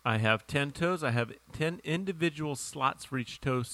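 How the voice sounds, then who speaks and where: A man co-hosting a casual podcast, joking and animated, often restarting his sentences. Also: fairly high pitch, normal speed. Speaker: podcast co-host.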